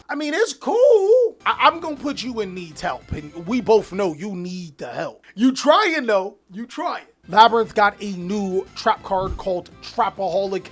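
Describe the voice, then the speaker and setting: A man hosting a casual card game commentary video, animated and jokey, with some playful trash talk. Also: high voice. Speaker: YouTube host.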